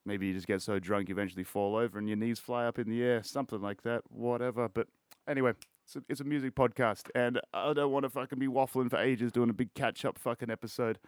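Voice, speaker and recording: A man's voice: medium pitch, fairly even intonation, fast talker, dry recording, studio quality. A man with an Australian accent hosting a podcast in casual chat, rambling, laid-back and swearing constantly. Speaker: podcast host.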